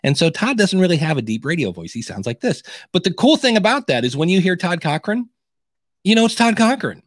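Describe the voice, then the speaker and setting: A man hosting a podcast advice show, chatting in a lively, animated way with frequent restarts. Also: high-pitched, a little fast, no echo, studio quality. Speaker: podcast coach and host. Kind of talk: casual podcast advice chat.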